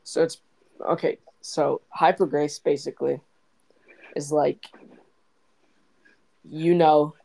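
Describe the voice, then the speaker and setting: A man on a casual faith podcast, speaking haltingly and losing his train of thought. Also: a little high, flat delivery, gravelly, mellow, low-quality recording. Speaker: podcast co-host.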